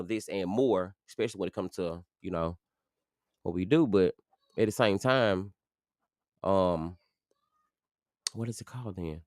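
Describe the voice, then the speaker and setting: A man in his forties hosting a live stream, rambling and swearing, his voice jumping high when he rants. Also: dry recording, studio quality. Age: 40s. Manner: profane, rambling, jumps high and loud when ranting. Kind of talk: casual live commentary rant.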